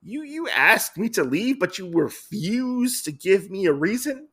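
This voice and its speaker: A man's voice: high-pitched, big pitch swings, measured pace, a bit bright, breathy edge, voice pushed up, heavily acted. A man voicing an earnest young samurai, puzzled and hurt, quoted loosely while he retells a comic story. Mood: indignant.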